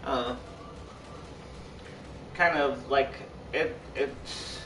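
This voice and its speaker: A man's voice: medium pitch, fairly even intonation, very slow, sharp tone, a little hiss or hum. A young man live-streaming, chatting casually to his viewers in a rambling, repetitive way that keeps restarting its sentences. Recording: echoey room, far from mic.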